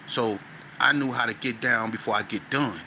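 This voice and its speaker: A man from Las Vegas, a podcast guest, telling a story in casual, animated street talk that grows loud and high when he gets excited. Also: normal speed, background noise. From Las Vegas, West Side.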